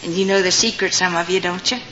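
Her voice is fairly low, steady, sharp, and quick as this older woman gives a personal testimony to an audience. She tells stories and acts out the quoted voices of those in them, captured in a dull lo-fi recording with faint noise.

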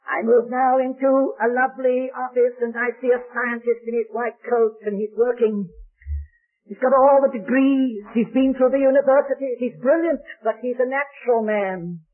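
A man preaching a sermon with dramatic storytelling and slow, emphatic stresses. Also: very high voice, steady tone. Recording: tinny old lo-fi recording.

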